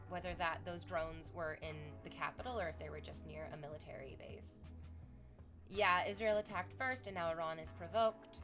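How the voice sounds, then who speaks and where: A woman's voice: fairly low pitch, a bit bright. A young woman streaming from Canada, chatting with viewers in a rambling, sarcastic and profane way. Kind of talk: casual stream chat.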